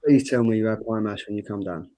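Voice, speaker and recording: A man's voice: on the low side, quick pace, a crowd in the background. A man, a guest trading teasing banter in a casual chat. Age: 30s.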